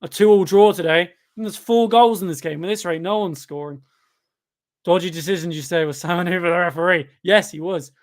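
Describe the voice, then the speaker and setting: A young man chatting through a live football watchalong, tired, reading out chat questions and breaking into sudden excited shouts at the game. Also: high voice, brisk. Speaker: livestreamer reading chat during a match.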